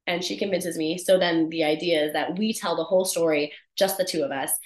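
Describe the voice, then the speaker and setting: Low-voiced woman, chatty actor, echoey room. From Canada. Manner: animated storyteller, laughs often, many restarts. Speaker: guest, actor. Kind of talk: casual interview chat.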